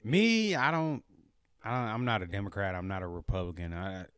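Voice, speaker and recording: A man in relaxed, casual conversation who often agrees with short replies and sometimes makes longer points. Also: on the low side, fairly quick, smooth, dry recording, clean studio sound. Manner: laid-back, agreeable, chimes in with short replies. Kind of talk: casual chat.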